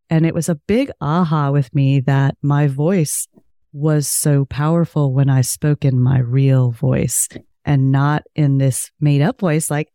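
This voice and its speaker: A woman with a low-toned voice, a podcast guest telling a story in casual conversation. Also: warm tone, no echo, clean studio sound.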